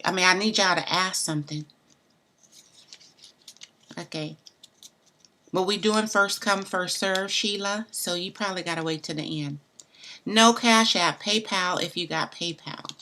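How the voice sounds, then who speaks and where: A woman's voice: lowish voice, a little slow, long pauses, sharp tone, a little hiss or hum. A woman hosting a live tarot reading stream, chatting loosely and bluntly with viewers. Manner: chatty, talks straight to viewers; loose and blunt, mild cussing. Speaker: tarot reader.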